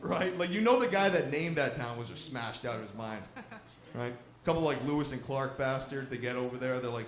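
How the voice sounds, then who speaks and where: Here the stand-up speaks briskly and expressively, mic in hand on a lodge stage before a live audience. He curses freely, teases people in the crowd, and does drunk and squeaky impressions. The room sounds large, with the audience laughing throughout.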